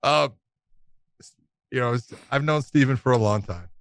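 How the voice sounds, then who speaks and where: A middle-aged man co-hosting a podcast, telling a long, animated anecdote with frequent laughter and swearing. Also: medium pitch, moderate pace, dry recording. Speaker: podcast co-host.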